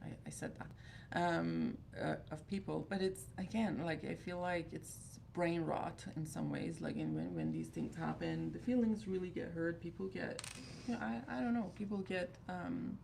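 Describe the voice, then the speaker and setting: Gravelly-voiced woman in casual livestream chat. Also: lowish voice, expressive, normal speed, darkish tone, a little hiss or hum. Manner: rambling, candid, exasperated. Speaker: livestream host of a fragrance group.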